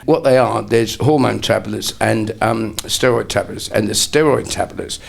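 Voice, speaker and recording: A man's voice: on the low side, normal speed, vocal fry. An older man, a comedian guest, telling rambling anecdotes in a casual interview and slipping into impressions.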